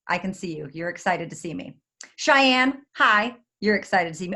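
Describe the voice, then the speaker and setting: A woman, giving an excitable, chatty motivational talk on a video call and speaking straight to her audience. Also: mid-range voice, normal speed. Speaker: guest speaker.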